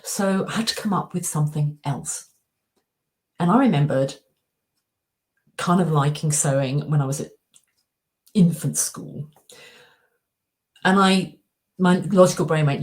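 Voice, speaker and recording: A woman's voice: fairly low pitch, expressive, normal speed, darkish tone. A middle-aged woman, giving a coaching presentation with slides and acting out her inner dialogue as she tells a story. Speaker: anxiety coach and speaker.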